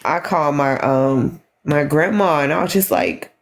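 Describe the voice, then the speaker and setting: A tired woman talking on a phone livestream, halting and repeating herself as she speaks with emotion. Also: low voice. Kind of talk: emotional casual livestream talk.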